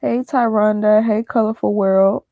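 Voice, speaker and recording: A woman's voice: mid-range voice, steady tone, a little slow, creaky, no room sound, narrow, tinny audio. A woman hosting a casual live stream, congested from allergies, chatting and greeting viewers by name one after another.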